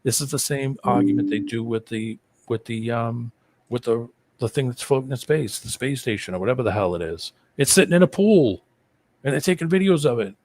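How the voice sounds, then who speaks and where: A man's voice: medium pitch, a little fast, a little mellow, a little hiss or hum. A man in casual chat on a live stream video call, rambling and conspiratorial as he explains something. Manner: rambling, conspiratorial, talks over the other man.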